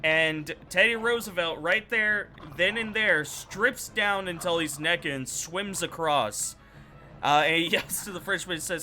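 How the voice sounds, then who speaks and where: Bright-voiced rambling male streamer. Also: high-pitched, unhurried. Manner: rambling, loose, self-correcting. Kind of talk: casual storytelling while gaming.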